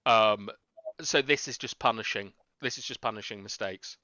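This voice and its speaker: A man's voice: lowish voice, moderate pace, pushed and bright, dry recording, lo-fi sound. A man giving an earnest, explanatory tactical breakdown on a live stream, with frequent ums. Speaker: tactical analyst. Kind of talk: live stream football analysis.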